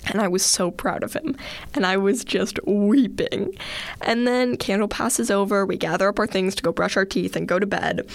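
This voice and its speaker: Casual storyteller: a woman with a creaky voice, earnest and chatty, dry close sound. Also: mid-range voice, moderate pace, no room sound. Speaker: student leader on a radio student segment.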